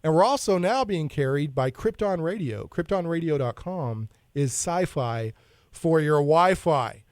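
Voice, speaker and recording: A male radio host with a somewhat high voice, talking close into a dry studio mic. He keeps things casual, cracking puns and laughing easily between news items. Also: lively intonation, a little mellow, dry recording. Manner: jokey, punning, quick to laugh.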